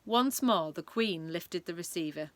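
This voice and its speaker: A woman narrating a children's story with lively, expressive delivery. Her voice is bright and rich in rises and falls, recorded close and dry. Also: lowish voice, measured pace, no room sound. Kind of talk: reading a children's book aloud.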